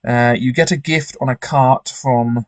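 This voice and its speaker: Guy reading out a gamebook and chatting along, trips over words a lot, mid-pitched, dry close sound. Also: fairly even intonation, measured pace, dry recording. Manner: hesitant, stumbles and restarts while reading. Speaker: gamebook player. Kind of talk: reading a gamebook aloud with commentary.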